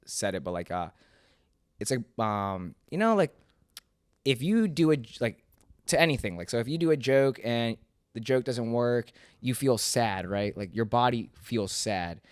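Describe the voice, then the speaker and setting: A young man hosting a podcast, chatting casually with lots of "like" and quick agreement. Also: medium pitch, expressive, smooth, no echo, studio quality. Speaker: podcast host and comedian.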